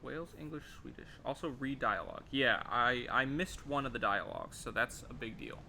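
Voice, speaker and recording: A male streamer talks through a mystery game, swearing freely as he reasons aloud. His pitch moves a lot. His tone is bright and clear. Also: wildly swooping pitch, moderate pace, a little hiss or hum. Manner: profane, thinking aloud. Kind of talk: live game commentary.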